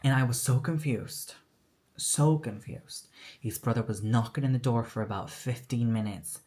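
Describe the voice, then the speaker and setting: A woman's voice: very deep voice, normal speed, warm tone. A woman telling a personal story in a candid, emotional vlog, acting out what others said. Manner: candid, emotional retelling with quoted dialogue. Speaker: vlogger.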